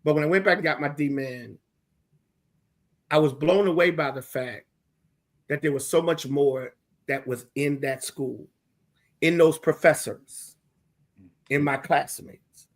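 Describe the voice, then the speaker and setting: An older man who is dean of a theology school, telling stories to graduating students in an emphatic, animated and humorous way. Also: a little high, unhurried, pauses often. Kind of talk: conversational remarks to graduates.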